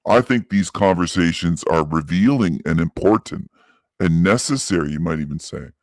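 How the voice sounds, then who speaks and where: A man with a deep, low voice talks things through in a calm, earnest way, explaining his view step by step. The recording is dry and close, with nothing of the room in it. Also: no room sound. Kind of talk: reflective commentary monologue.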